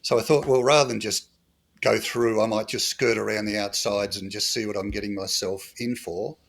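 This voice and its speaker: A middle-aged Australian man, a former bush police officer, telling wry anecdotes in an interview with a lot of fillers. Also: on the low side. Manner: dry humorous anecdotes with fillers. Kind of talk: storytelling interview.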